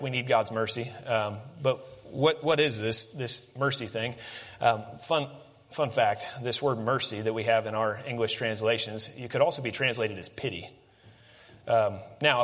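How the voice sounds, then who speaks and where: A man preaching a conversational, animated sermon as a pastor. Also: on the high side, long reverb tail.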